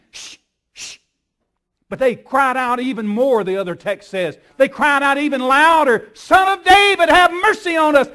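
An older male preacher with a high voice, delivering a sermon. He repeats phrases in a building rhythm and swings from quiet asides up to shouted questions at the congregation. His delivery stays emphatic and driving. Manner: emphatic, repetitive preaching cadence. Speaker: pastor.

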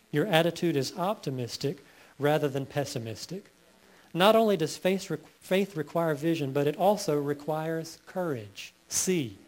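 Man, pastor, sermon, fairly high pitch, emphatic build-ups. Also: a little mellow. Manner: preaching with rising emphasis, reading scripture slowly.

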